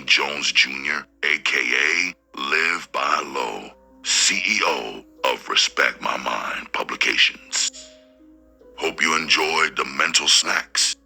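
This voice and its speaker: A male storyteller with an extremely deep, gravelly voice, reading slowly and deliberately. His tone is husky yet bright and forward. Soft music plays underneath. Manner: slow, deliberate, preacherly delivery. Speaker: narrator and audiobook reader. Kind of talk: dramatic storytelling narration.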